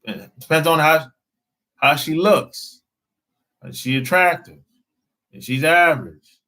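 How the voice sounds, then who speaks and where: A man speaking slowly as a dating coach in a casual live talk. His pitch rises and falls a lot, and he drawls through his points with frequent laughs. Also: lively intonation, sharp tone. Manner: slow, drawling, laughs often.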